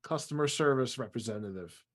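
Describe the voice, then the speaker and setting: A man's voice: medium pitch, brisk. Sarcastic joking man playing a tabletop game. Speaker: player.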